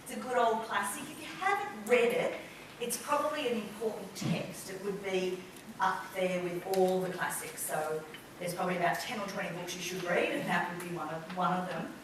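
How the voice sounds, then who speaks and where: A woman trainer teaching a live workshop, animated and acting out the people she talks about. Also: lowish voice, moderate pace, background noise. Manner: lively, acts out quoted people. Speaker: business trainer. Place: large room with an audience. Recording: echoey room, mic far off.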